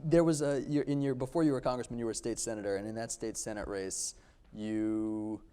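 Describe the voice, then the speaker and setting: A man's voice: mid-range voice, steady tone, a little fast, dark tone, clean tone. A man interviewing a politician, asking questions and reading out old headlines with a wry tone.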